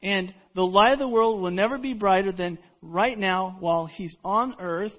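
A man's voice: high-pitched, moderate pace, few pauses, highs cut off. A man preaching a sermon, telling stories in a conversational way with frequent restarts. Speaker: pastor.

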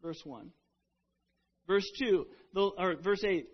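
A man preaches an earnest sermon, often restarting his phrases as he works through a point. His voice sits notably high. The recording has a dull, lo-fi quality. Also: slow pace, long pauses. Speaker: pastor.

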